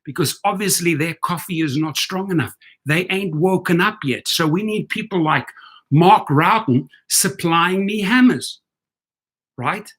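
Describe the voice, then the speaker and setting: A man's voice: sits high, unhurried, a bit bright, breathy edge. A man hosting a rideshare commentary stream, sarcastic and heated as he reads and rants. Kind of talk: live-stream rant.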